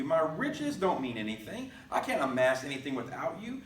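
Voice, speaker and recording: A man with a fairly high voice preaches a conversational sermon. He reads scripture aloud and puts questions to the congregation. He is recorded from a distance in an echoey church, with a faint hiss underneath. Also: sing-song, moderate pace. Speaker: pastor. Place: church sanctuary.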